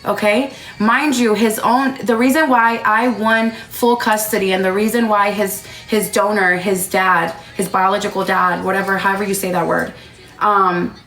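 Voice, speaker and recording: A woman in her thirties on a livestream, telling a long emotional story in a rapid, rambling, defensive way with rising outbursts. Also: mid-range voice, steady tone, fairly bright tone, echoey room, faint music behind. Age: 30s.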